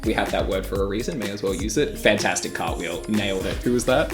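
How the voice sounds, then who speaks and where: A deep-voiced Australian who reacts to music videos talks fast, rambling casually and packing his commentary with filler words. The room sounds roomy, with faint music in the background.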